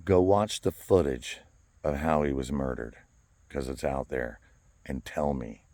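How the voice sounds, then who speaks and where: Very deep-voiced man, earnest and halting. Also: warm tone, dry recording. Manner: earnest, halting, repeats words. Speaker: vlogger. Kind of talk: personal vlog monologue. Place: outdoors by a flagpole.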